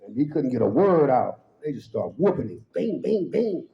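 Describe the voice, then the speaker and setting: A man giving a humorous storytelling testimony at a church service, acting out voices and laughing along with his own punchlines. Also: a little fast. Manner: animated, acts out quoted voices with sudden high pitch jumps. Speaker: guest speaker at a worship service. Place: church hall. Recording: roomy, slightly dull hall sound.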